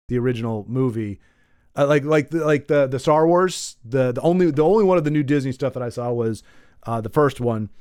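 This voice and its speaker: A man's voice: on the high side, no room sound, studio quality. A man hosting a comedy podcast, telling rambling stories with self-deprecating asides and lots of trailing off. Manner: pained yelps while wincing. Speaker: podcast host.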